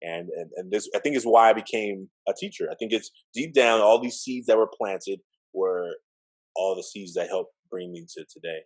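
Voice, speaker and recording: Animated middle-aged male storyteller. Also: fairly low pitch, moderate pace, rough recording. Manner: animated storyteller acting out quoted voices. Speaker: interview guest, educator. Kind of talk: storytelling in conversation.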